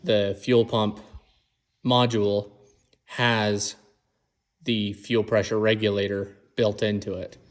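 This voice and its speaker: A man's voice: lowish voice, flat delivery, takes it slowly, pauses often. A man in his garage, casually explaining each step of his truck build in plain shop talk. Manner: walks through each step plainly, calls the engine "she". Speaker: mechanic filming his own truck build. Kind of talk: casual how-to vlog.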